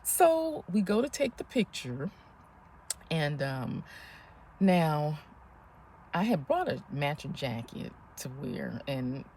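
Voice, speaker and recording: A woman in her fifties telling a story in a casual, animated vlog, often breathless and laughing as she talks. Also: low voice, slow, long pauses, slight background noise. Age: 50s. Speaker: vlogger.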